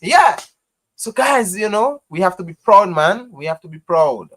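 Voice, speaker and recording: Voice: mid-range voice, animated, measured pace, a bit bright. A speaker from Grenada with a Grenadian accent, hosting a casual live stream and talking passionately to viewers, repeating phrases and often saying "you know". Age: adult parent. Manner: impassioned, repetitive, heavy use of "you know".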